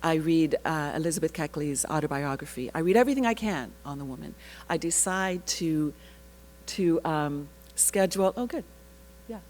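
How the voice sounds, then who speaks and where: An actress telling an animated personal story at a panel, laughing often and breaking off into asides. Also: female voice, low voice, slight background noise, low-quality recording. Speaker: actress sharing her research story.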